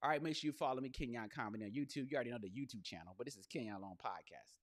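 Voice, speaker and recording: A male comedian hosting a podcast, riffing in an animated, profane monologue full of slang. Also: mid-range voice, rapid-fire.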